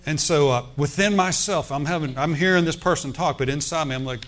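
Pastor guy telling a story from the pulpit, lively asides, acts out the dialogue. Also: a little high, brisk. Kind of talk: sermon storytelling.

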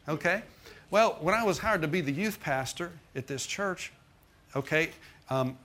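A man's voice: medium pitch, bright, forceful tone. A middle-aged man preaching a sermon, telling a personal testimony in a conversational way and checking in with the congregation with frequent asides. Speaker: pastor.

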